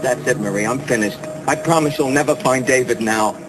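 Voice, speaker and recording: A man's voice: mid-range voice, fairly quick, over loud music, natural voice, poor audio. A man playing a cold, controlling father. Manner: cold and clipped in anger, softly coaxing with the child. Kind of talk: TV movie drama acting.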